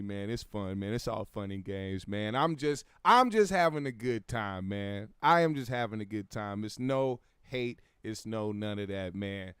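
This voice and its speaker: A man's voice: lowish voice, a bit bright, smooth, dry recording, studio quality. A young man hosting a casual pop-culture commentary show, talking in a profane, rambling way with frequent restarts. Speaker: host.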